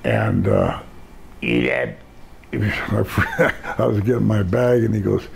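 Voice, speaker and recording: Gravelly older man telling stories. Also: lowish voice, sing-song, takes it slowly, a little mellow, slight background noise. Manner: laid-back, rambling, laughs at his own stories. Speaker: retired pro wrestler guest. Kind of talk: casual interview storytelling.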